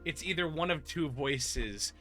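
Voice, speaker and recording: A man's voice: fairly high pitch, lively intonation, measured pace, a bit bright, faint music behind. A man hosting a casual podcast chat, rambling and restarting his sentences as he goes. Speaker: podcast host.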